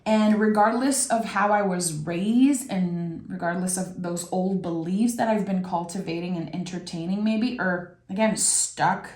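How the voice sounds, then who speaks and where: A woman from Québec, giving a gentle, reflective tarot reading and often pausing to search for words. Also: on the low side. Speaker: tarot reader. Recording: roomy echo.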